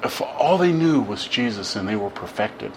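A middle-aged man preaches in a relaxed, conversational way, drifting into stories and acting out both sides of the conversations. His voice sits a little low, and a faint hiss hangs under the recording. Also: normal speed. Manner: conversational storytelling, acting out dialogue. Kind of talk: informal sermon.

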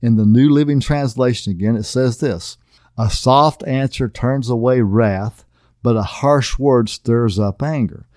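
A middle-aged man gives a conversational sermon in a folksy, down-to-earth way. His pitch sits in an everyday middle range, and he often pauses to ask "okay?". The sound is close and dry. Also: a little mellow, dry recording. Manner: folksy, repeatedly asks "okay?". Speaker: pastor.

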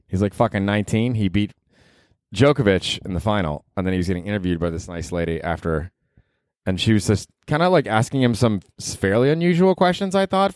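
A man's voice: on the low side, a little mellow, clear, resonant tone, no room sound, studio quality. A young man hosting a comedy podcast, rambling and cursing in a self-mocking way. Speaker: podcast host. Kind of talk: casual comedic monologue.

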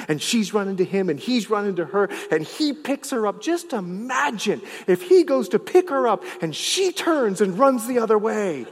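A male pastor preaching a sermon, swinging from loud, emphatic lines to hushed, low ones. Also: expressive, normal speed, few pauses, long reverb tail.

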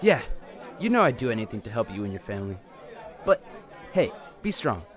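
A man's voice: lowish voice, brisk, a faint crowd. A young man voicing a playful, supportive teenage best friend. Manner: playful, lively.

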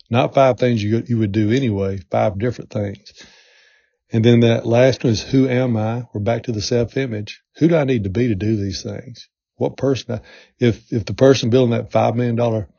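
Middle-aged male podcast host, mellow dark tone, earnest repetitive coaching, muffled lo-fi sound. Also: mid-range voice, slightly rough, dry recording. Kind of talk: motivational podcast talk. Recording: dull lo-fi sound.

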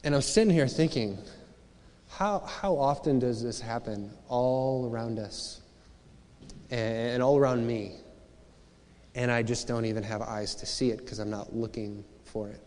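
A man preaching in a church hall, his mid-range voice carried by a long reverb. He talks in a relaxed, searching way and keeps asking his listeners questions. The tone is earnest and conversational rather than grand. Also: mid-range voice, measured pace. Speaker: pastor. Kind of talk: sermon.

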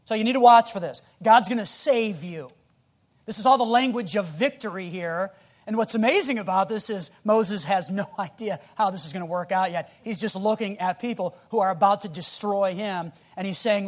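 Animated high-voiced male preacher. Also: moderate pace. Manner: animated, growls and shouts while acting out scenes. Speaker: pastor. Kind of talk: sermon.

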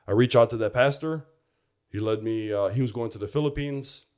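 A young adult man giving a personal faith testimony in an earnest, reflective way, pausing often with fillers. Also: mid-range voice, a little mellow, clear, resonant tone. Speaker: former football player giving his testimony.

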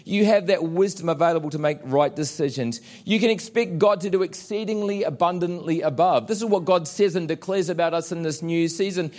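Male pastor, emphatic sermon delivery, voice a touch high. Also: darkish tone. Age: adult with children. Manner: declarative, emphatic preaching with dramatic pauses.

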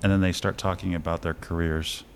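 A man with a very low voice talks casually through a film he's reviewing, retelling scenes with animated energy and a chuckle here and there. A faint hum of background noise sits under him. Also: brisk. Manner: animated storytelling with chuckles and fillers. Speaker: podcast co-host reviewing a film. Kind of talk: casual chat.

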